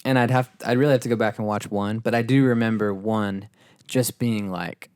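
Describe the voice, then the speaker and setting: A man's voice: fairly low pitch, steady tone, moderate pace, a little mellow, clear, resonant tone, no room sound, clean studio sound. A man co-hosting a podcast who leads the chat and asks the others questions. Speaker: podcast co-host. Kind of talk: casual chat.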